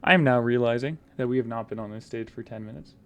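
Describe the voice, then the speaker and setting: A man rambling through solo gameplay commentary, goofy and self-mocking, now and then slipping into silly high voices. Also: quick pace, clean tone. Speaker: gaming YouTuber.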